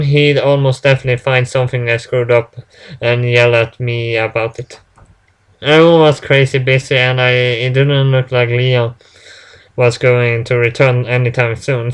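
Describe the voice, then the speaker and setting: A man reading a first-person story aloud in a halting way, stumbling and restarting words often. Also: mid-range voice, clean tone. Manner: halting, with frequent restarts and fillers.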